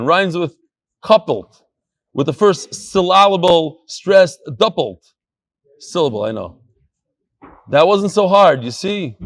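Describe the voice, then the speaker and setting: A man leads a Daf Yomi class in a study hall, his voice high-pitched and upbeat. He jokes, calls people up and banters with the crowd. The sound is dry and close. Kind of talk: lively shiur announcements to a live audience.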